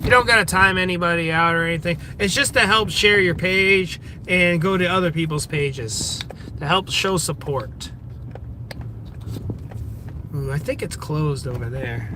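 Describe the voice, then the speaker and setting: Guy livestreaming outside in the woods, reads the chat out loud, says hi to everyone by name, pretty high voice. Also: expressive, normal speed, background noise. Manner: reads viewer comments aloud and greets each viewer by name. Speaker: livestream host. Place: outdoors in a state forest.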